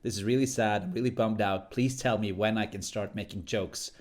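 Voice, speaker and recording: A man's voice: fairly low pitch, steady tone, brisk. A young man co-hosting a casual chat show, joking with his friend in dry, teasing banter. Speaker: podcast co-host.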